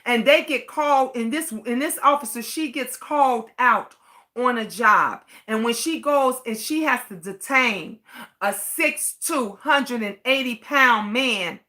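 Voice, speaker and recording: Middle-aged woman, livestream host, high bright voice, fiery and blunt, swears and repeats herself for emphasis. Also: unhurried. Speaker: livestream host reading viewer comments. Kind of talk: impassioned livestream rant.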